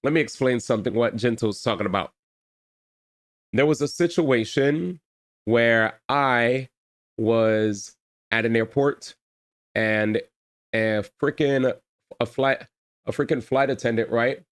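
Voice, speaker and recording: A man streaming reaction commentary to his chat, excitable and full of slang. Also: mid-range voice, slow, pauses often, no room sound, clean studio sound.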